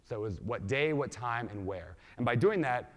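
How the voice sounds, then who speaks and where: Energetic guy with a mixed minnesota-washington-hawaii accent, asks the crowd questions, booming hall echo. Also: moderate pace. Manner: energetic, quizzes the audience with questions. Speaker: conference speaker. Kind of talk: motivational keynote talk. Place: large conference hall. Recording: reverberant conference hall.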